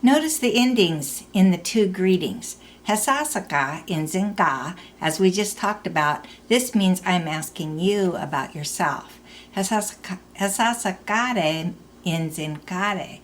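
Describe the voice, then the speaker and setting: A woman teaching a recorded language lesson, explaining slowly and repeating example phrases. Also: fairly low pitch, expressive.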